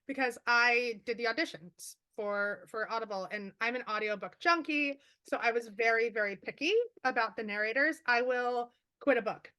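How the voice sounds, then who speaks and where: A woman author on a video call, telling stories quickly and animatedly with lots of fillers. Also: fairly high pitch, clean tone. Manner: fast, animated storytelling with many fillers. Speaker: author guest. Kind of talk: casual chat.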